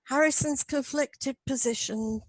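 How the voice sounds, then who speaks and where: A middle-aged woman academic reading her paper aloud in a measured, earnest way. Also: high voice, no echo, low-quality recording. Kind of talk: read-aloud lecture.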